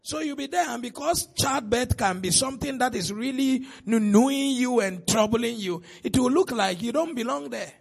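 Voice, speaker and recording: High gravelly Ghanaian preacher, man. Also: lively intonation, normal speed, hardly any pauses. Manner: swings between soft asides and shouted exclamations, laughs often. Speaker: pastor. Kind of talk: preaching a sermon.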